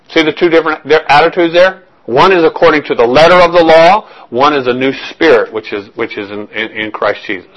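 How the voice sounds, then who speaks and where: A man's voice: on the high side, animated, quick pace, few pauses, fairly bright tone, low-quality recording. A man with a slightly raised voice teaches a verse-by-verse sermon. His delivery is conversational, full of repeated phrases and frequent check-ins with the congregation. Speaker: pastor.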